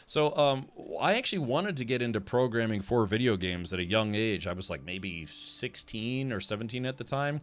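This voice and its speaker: A man's voice: on the low side, lively intonation, normal speed, hardly any pauses. A man streaming a video game live, chatting casually, rambling and restarting sentences and answering chat as he plays.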